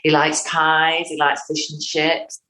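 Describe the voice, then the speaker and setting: A woman in her fifties with a Northern English accent speaks in a lowish voice. She talks at length in an interview, animated and quick to act out bits of dialogue. The recording has a noticeable roomy echo. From North West England. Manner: animated, acts out quotes. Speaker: playwright and actor.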